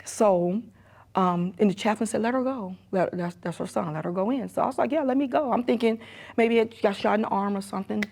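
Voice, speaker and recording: A middle-aged woman, an emergency room nurse and mother, giving a halting, repetitive personal testimony that often sinks to a hushed near-whisper. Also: medium pitch, steady tone, creaky. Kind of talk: personal testimony in a documentary interview.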